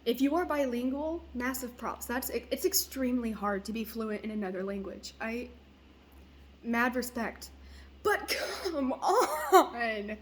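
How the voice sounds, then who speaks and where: A woman's voice: fairly high pitch, fairly even intonation, moderate pace, slight background noise. Blunt, profane young woman ranting. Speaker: vlogger. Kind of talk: casual venting vlog.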